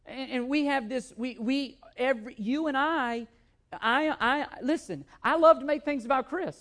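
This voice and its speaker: A man's voice: extremely high pitch, normal speed, a bit bright. Emphatic male preacher, stumbling repeats. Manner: emphatic, repeats words, rhetorical questions. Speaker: pastor. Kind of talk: sermon.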